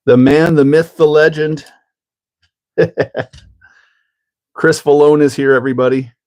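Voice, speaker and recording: A man's voice: a little high, fairly even intonation, unhurried, a little mellow. A man hosting a casual hobby livestream, chatting and laughing while he builds a model car and greets viewers by name. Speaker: livestream host.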